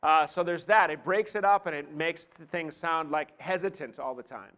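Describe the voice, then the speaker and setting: Lively man coaching speakers from a podium. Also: a little high, normal speed. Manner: lively, demonstrative, theatrical, chatty asides. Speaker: presentation skills coach. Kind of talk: live talk to an audience. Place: meeting room, speaking from a podium.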